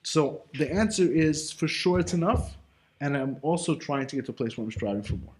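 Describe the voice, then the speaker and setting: A man's voice: on the high side, lively intonation, a little fast, darkish tone. A man teaching an informal Torah class in a loose, conversational way, full of casual fillers and rhetorical questions. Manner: asks himself rhetorical questions.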